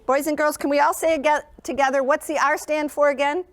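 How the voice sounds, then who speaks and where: A woman's voice: sits high, fairly even intonation, fairly quick, noisy background. A woman presenting a sleep program in a school classroom, talking to young children in an encouraging, sing-song teacher manner and often checking in with them.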